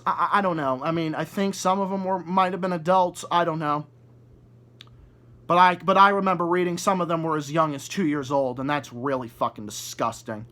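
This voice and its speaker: A man hosting an angry rant video, swearing and shouting insults in a furious way. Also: fairly high pitch, fairly even intonation, fairly quick. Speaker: video host.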